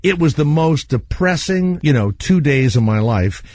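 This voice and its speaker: A man's voice: on the high side, normal speed. A middle-aged man hosting a radio show, telling stories in casual chat and laughing often. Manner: animated storyteller, laughs often. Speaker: radio host.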